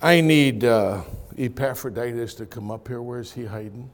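A man preaching a sermon in church, swinging from loud punchlines to quiet, confiding asides as he tells stories. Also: medium pitch, moderate pace. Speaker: pastor. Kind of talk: sermon with storytelling.

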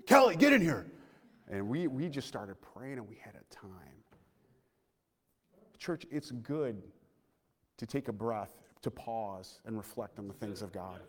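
A man in his thirties preaching a personal sermon in a church, earnest, moving between loud appeals and hushed, quiet passages. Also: on the low side, unhurried, long pauses. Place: church sanctuary. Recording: long church hall reverb.

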